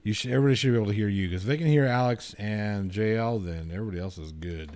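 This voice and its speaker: A man's voice: lowish voice, rapid-fire, a little mellow. A man helping fix a podcast livestream, joking casually as he sorts the sound. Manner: joking, easygoing. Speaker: stream tech helper. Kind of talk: livestream chat.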